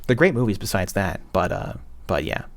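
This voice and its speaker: A man's voice: low voice, sing-song, normal speed. Blunt rambling male game reviewer. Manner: blunt, profane, many fillers. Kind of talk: casual opinionated monologue.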